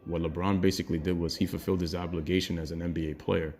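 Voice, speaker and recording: A man's voice: sits low, level tone, fast, darkish tone. A man giving a heated, opinionated sports rant as a commentary YouTuber, blunt and swearing freely.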